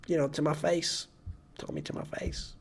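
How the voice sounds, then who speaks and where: A man voicing a petulant, childish young male gamer who whines in a high, quiet voice. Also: level tone, moderate pace, creaky, slightly rough. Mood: whining.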